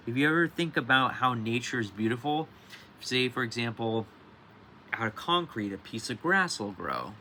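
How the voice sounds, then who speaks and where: A man's voice: medium pitch, pushed and bright, a little hiss or hum. A man chatting casually and rambling through a read-along, with lots of restarts and tangents, sounding sleepy. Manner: rambling, restarts often, swears in quoted outbursts. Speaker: livestream reader.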